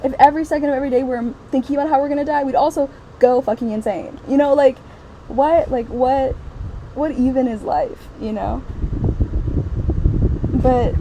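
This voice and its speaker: Woman chatting about a book, kinda high voice, lots of "like" and "you know", ac humming in the back. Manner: rambling and emphatic, with many fillers. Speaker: book vlogger. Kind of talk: casual book review chat. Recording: steady air-conditioner hum behind the voice. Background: air conditioning hum.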